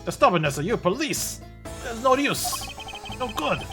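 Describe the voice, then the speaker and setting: A man's voice: very high-pitched, big pitch swings, moderate pace, voice pushed up, full character voice. A man voicing a pushy, flamboyant foreign art dealer who talks in broken English. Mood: excitable. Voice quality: broken-English sing-song delivery. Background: game music.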